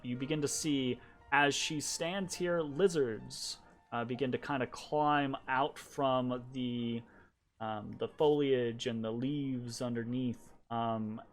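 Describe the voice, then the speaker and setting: A man narrating a tabletop game as game master, halting and full of ums and fillers. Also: mid-range voice. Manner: halting, lots of ums and kinda-likes.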